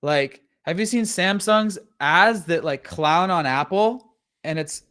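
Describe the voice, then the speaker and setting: A man's voice: high voice, measured pace, fairly bright tone, smooth. Hyped slangy man hosting a live stream. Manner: hyped, swears freely, slangy. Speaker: host of a live listing audit. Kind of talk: casual live-stream chat.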